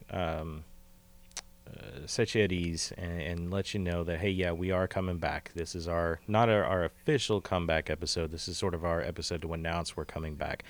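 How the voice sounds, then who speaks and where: Casting: male podcast co-host, very low voice, loose and rambling, a bit profane. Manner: rambling, profane, laughs easily. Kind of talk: casual chat. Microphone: call recording.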